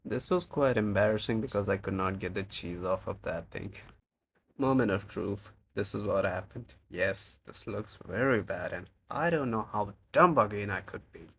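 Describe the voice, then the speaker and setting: A man's voice: on the low side, normal speed, a bit bright, a little hiss or hum. A man with a non-native English accent narrating his own cooking vlog in a chatty, self-mocking way. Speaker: cooking vlogger. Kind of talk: casual vlog voice-over.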